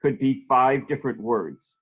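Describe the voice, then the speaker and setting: A man's voice: mid-range voice, animated, unhurried, a bit bright, husky, lo-fi sound. A man in an online class asking a question, stammering and repeating words while he thinks. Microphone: video call.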